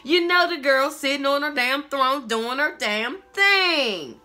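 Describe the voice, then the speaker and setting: Female tarot reader, emphatic and sassy, fairly high and bright. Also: animated, slow, faint music behind. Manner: sassy, emphatic, repetitive call-outs. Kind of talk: tarot reading monologue.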